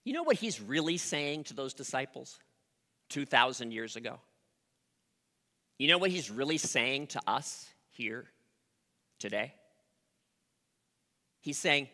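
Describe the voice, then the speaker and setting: A pastor preaching a sermon, telling a story with dramatic pauses and rising emphasis. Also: mid-range voice, very animated, pushed and bright. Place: church sanctuary. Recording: long reverb of a large hall.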